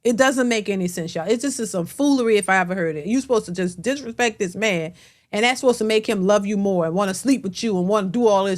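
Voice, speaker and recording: Her voice is medium-pitched, expressive, and quick as she hosts a reaction video and rants to her audience. She's blunt and emphatic, swears a lot, and addresses viewers directly.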